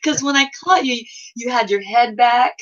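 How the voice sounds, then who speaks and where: A man chatting casually as a fellow channel host, quick and laughing easily. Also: very high-pitched, pushed and bright, muffled recording. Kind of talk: casual chat.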